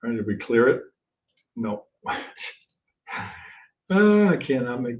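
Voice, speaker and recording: A man teaching trading in a live-stream chart review, thinking aloud in a blunt, profane way and tagging his points with a quick "right?". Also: medium pitch, very animated, darkish tone. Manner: thinks aloud, counts waves, restarts often. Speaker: trading instructor.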